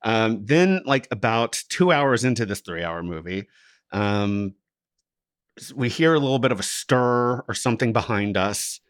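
A man's voice: mid-range voice, measured pace, clean tone, dry recording, clean studio sound. Laughing storyteller man on a podcast. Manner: storytelling, animated, laughs often. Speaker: podcast co-host. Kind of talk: casual chat.

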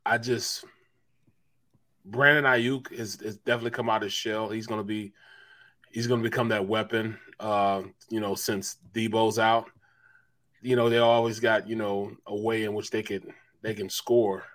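A man co-hosting a sports talk show, relaxed and stumbling through restarts. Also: on the low side, moderate pace. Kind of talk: casual sports chat.

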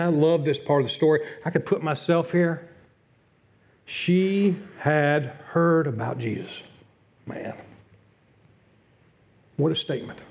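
A middle-aged pastor delivers an earnest sermon, his voice sitting a bit high for a man. He swings between hushed, confiding passages and louder pushes. The recording is dull and lo-fi. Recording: dull lo-fi sound.

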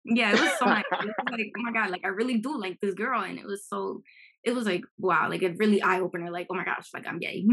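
A woman's voice: mid-range voice, brisk, fairly bright tone, slightly rough. A woman guest on a podcast, telling a personal story in a chatty way and filling her talk with "like". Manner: chatty storytelling, says "like" a lot. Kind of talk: casual chat.

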